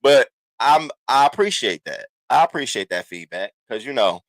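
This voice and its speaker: Brief: male livestream host, AAVE, lively and profane, greeting viewers one by one, dry room. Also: medium pitch, normal speed, no echo. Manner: animated, profane, shouting out chat names. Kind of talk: casual livestream chat.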